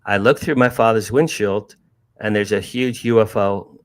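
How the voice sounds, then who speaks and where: Man in his 60s, lowish voice, animated, restarts a lot, author guest. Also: moderate pace. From New Jersey. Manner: animated, restarts and repeats words. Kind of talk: casual storytelling.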